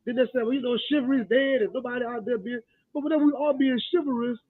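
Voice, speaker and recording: High-voiced man on a phone line. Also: fairly even intonation, very fast, dry recording. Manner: emphatic, colloquial, laughs often. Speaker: podcast host. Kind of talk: casual conversation.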